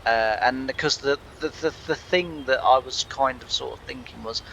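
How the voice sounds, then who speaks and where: Male channel host, casual storyteller with a tense, bright tone, trails off and restarts a lot. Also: mid-range voice, normal speed, vocal fry, slight background noise. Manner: rambling, retells conversations, many restarts.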